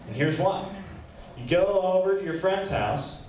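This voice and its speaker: A young man doing a stand-up set with a deadpan, self-deprecating, halting delivery, recorded at a small open mic. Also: high voice. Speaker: stand-up comedian. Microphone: handheld stage mic, recorded by a far camera. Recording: echoey room, distant camera, light background noise. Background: faint room ambience.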